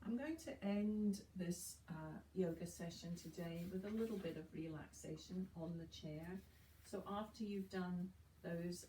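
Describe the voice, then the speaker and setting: A woman guiding a chair yoga session, giving slow, soothing breathing instructions with gentle encouragement. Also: lowish voice, a little hiss or hum. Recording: roomy, distant mic with faint ambience.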